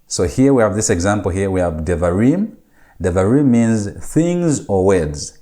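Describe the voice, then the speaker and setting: A man's voice: on the low side, warm tone. Methodical man teaching Hebrew grammar. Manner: methodical, repeats key points and numbers steps. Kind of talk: recorded lecture with slides.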